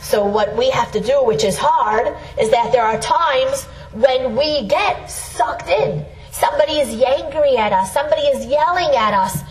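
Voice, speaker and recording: High-voiced woman teaching from afar. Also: unhurried, few pauses. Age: middle-aged. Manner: earnest, emphatic, with rising exclamations. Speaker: Torah teacher. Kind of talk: spoken Torah lesson. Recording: roomy sound from a distant mic.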